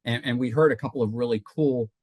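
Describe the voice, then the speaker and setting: A man's voice: mid-range voice, quick pace, darkish tone, no room sound. A man presenting a business workshop in a conversational, emphatic way, talking to a live audience and reacting to comments. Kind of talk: live webinar teaching.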